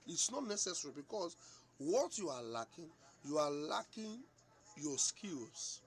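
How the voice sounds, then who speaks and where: A man teaching a Bible study in an animated, repetitive way, acting out little dialogues. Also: a little high, measured pace.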